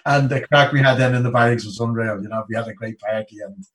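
An Irish man in his fifties, a guest telling a lively story in a casual way and acting out the people he quotes. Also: medium pitch, fast, distant mic, poor audio. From Ireland. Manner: lively anecdote-telling, acts out the people he quotes, many "you know"s.

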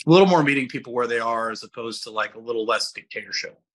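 Bright-voiced middle-aged man telling stories. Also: medium pitch, fast. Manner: animated storyteller who acts out other people's voices; rambling, with many restarts. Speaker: fitness coach and guest host. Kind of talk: casual podcast chat.

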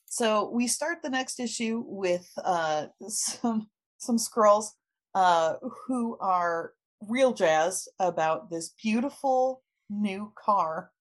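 A woman's voice: medium pitch, animated, takes it slowly. A woman casually recapping a comic book story with lots of fillers and laughter. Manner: chatty, laughing, many fillers. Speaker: podcast host.

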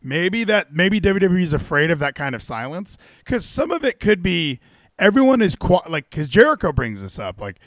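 A young man chatting casually on a podcast, excitable and rambling, with frequent swearing. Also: sits high, normal speed, no echo, studio quality. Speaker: podcast host.

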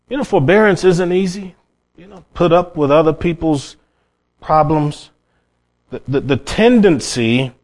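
A middle-aged man preaches a sermon from the pulpit in a folksy, storytelling way. His voice sits a little high for a man, and it swings from sudden emphatic bursts down to quiet asides. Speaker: pastor.

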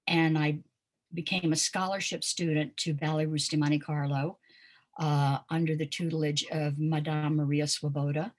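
Older lady dance teacher being interviewed, low husky voice, lots of ums. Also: little pitch movement, moderate pace. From Pensacola, Florida. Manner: warm storytelling with frequent ums and uhs. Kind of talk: reminiscing conversational interview.

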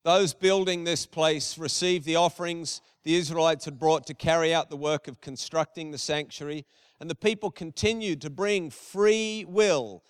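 High-voiced, smooth-toned male pastor preaching. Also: dry recording, clean studio sound. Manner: conversational preaching with emphatic repetition. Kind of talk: sermon.

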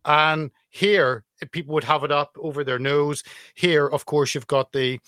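A man in a casual conversation, explaining his view in a measured, reflective way. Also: a little high, steady tone, a bit bright, no echo, studio quality.

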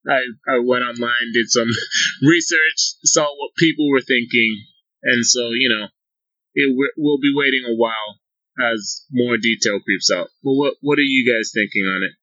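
A man hosting a casual video game podcast, excitable and often repeating words as he starts sentences. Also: mid-range voice, moderate pace, no room sound. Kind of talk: casual game discussion chat. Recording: slightly dull, dry lo-fi recording.

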